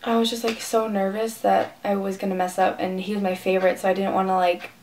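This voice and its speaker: A woman's voice: medium pitch, little pitch movement, fast, darkish tone. A teenage girl telling a rambling, gushing story for her vlog, full of "like" fillers. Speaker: vlogger. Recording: distant mic with faint room noise.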